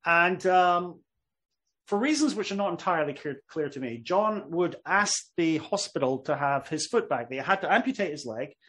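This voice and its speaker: A man's voice: on the high side, expressive, normal speed, a bit bright. Chatty male professor giving a talk. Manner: conversational, checks in with "okay?". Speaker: lecturer, professor. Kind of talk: public lecture, storytelling.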